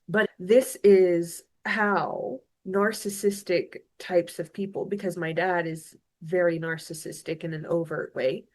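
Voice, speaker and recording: A woman's voice: medium pitch, darkish tone. A woman in her thirties telling a painful personal story as a podcast host, reflective and emotional, at times tearful. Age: 30s. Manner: reflective, emotional, repeats phrases.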